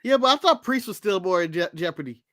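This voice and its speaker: High, bright-voiced blunt podcast man. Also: expressive, fast talker, no echo, studio quality. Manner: blunt, joking, swears freely. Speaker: podcast co-host. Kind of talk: casual wrestling podcast chat.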